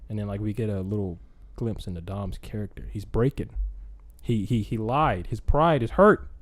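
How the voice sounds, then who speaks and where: A man's voice: fairly low pitch, normal speed. A young man hosting a podcast, telling a movie idea in a rambling, casual way with lots of fillers and acted-out lines. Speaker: podcast host. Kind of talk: casual chat.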